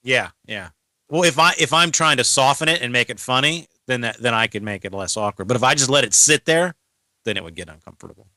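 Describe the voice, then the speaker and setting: A man's voice: medium pitch, animated, brisk, pushed and bright, dry recording. A man, co-hosting a casual podcast, rambling and asking lots of questions. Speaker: co-host.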